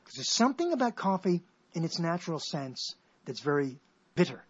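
Male radio host, husky voice, lively swooping delivery, playful riffing, lo-fi radio sound. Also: on the high side, fairly quick. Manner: playful, riffing, mock-dramatic. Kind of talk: rambling comic radio talk. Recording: dull lo-fi radio recording.

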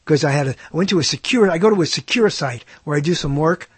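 Fast-talking and lively in his intonation, this solo radio host has a fairly high, husky voice on a dry recording. He wanders from topic to topic, pokes fun at himself, and slips into goofy voices.

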